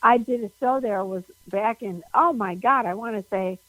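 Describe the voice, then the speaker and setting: A woman comedian guesting on an interview over the phone, talking animatedly with frequent laughs and big pitch jumps. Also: normal speed, a bit bright, dry recording, low-quality recording.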